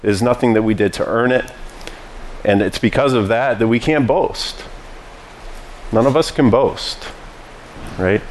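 A man delivers a sermon with earnest, rhetorical emphasis. His voice sits at an average pitch, and he checks in with his listeners through short questioning asides. A faint hiss runs under the recording. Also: a little slow. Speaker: preacher.

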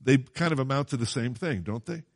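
Quoting scripture in archaic wording, this preacher delivers a Bible sermon conversationally and frequently puts questions to the congregation. His mid-range voice is creaky and a little fast.

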